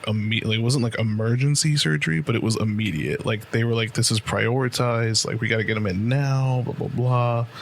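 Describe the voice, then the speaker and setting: A man's voice: mid-range voice, a little hiss or hum. A man in his late twenties co-hosting a podcast, telling a long casual story with lots of profanity and fillers. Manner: loose, profane storytelling full of "like" and "right?". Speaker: podcast co-host.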